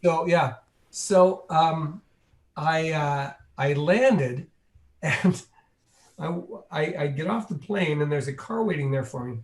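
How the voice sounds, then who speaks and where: A man, a guest in an interview, telling a long behind-the-scenes anecdote with lively energy and acting out the voices of the people in it. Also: a little high, slow pace. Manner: animated, acts out the people in his story. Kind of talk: anecdotal storytelling. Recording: roomy echo.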